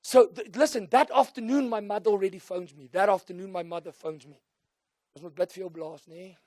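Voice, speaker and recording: A middle-aged South African man preaching with a high voice, swinging from hushed storytelling up to loud calls the congregation answers. The sound is dry and close, with little room echo. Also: fairly even intonation, a little fast. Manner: switches between soft storytelling and loud call-and-response shouting. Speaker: pastor. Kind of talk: sermon.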